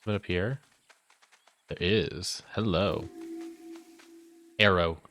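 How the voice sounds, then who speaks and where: A man streaming a video game live. He gives casual, excitable commentary full of sudden whoops and rambling self-corrections. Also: low voice, slow pace, pauses often, soft background music.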